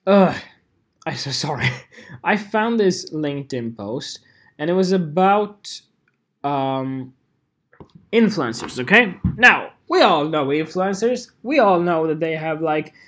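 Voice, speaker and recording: A man's voice: a little high, expressive, takes it slowly, fairly bright tone. A man hosting a podcast alone, talking casually in a rambling, profane, self-deprecating way. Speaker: podcast host.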